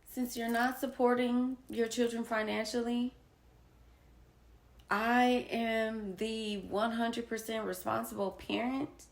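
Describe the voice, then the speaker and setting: A woman's voice: a little high, gravelly, reverberant. A woman candidly retelling a personal co-parenting story to her viewers, acting out quoted conversations. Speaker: vlogger sharing personal experience. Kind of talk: casual personal storytelling to camera.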